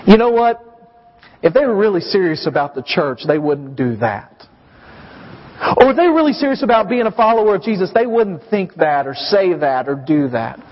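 In a sermon, a pastor in his thirties speaks in a noticeably high, light, sing-song voice at a moderate pace, pushing his congregation with emphatic questions. Long reverb fills the church hall, and the recording sounds somewhat dull and muffled.

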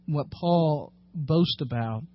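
High-voiced male pastor preaching. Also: takes it slowly, no room sound, lo-fi sound. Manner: animated, acts out scripture quotes with rising emphasis; drops to a low, quiet tone for serious points. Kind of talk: sermon.

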